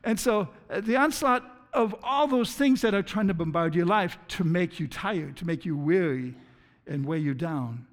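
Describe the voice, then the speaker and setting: A man with a notably high voice preaches a sermon to his church. He speaks earnestly, often tripping over and repeating words before pressing on. A long hall reverb trails every phrase. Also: lively intonation, normal speed. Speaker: pastor.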